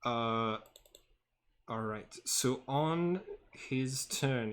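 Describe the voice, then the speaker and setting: A man running a tabletop game as game master, talking haltingly with many fillers and humming to himself. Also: medium pitch. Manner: halting, full of fillers, hums while working.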